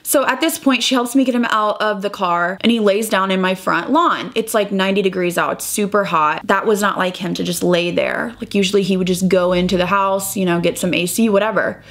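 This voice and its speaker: A woman's voice: mid-range voice, fairly bright tone. A young woman vlogger recounting a painful personal story while doing her makeup, talking in a rambling, emotional way full of "like" and quoted dialogue. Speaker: beauty vlogger.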